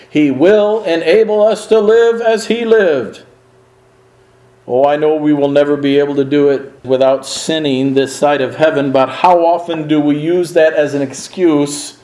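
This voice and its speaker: A man preaching a sermon in an earnest, emphatic way, swinging his pitch and pace to stress his points. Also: a little slow, a little mellow, reverberant, poor audio.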